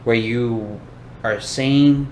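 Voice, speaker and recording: A man hosting a casual Christian discussion, talking in a relaxed, rambling way with plenty of "like" and "bro". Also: mid-range voice, drawn-out words. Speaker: podcast host. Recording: echoey room with faint hiss.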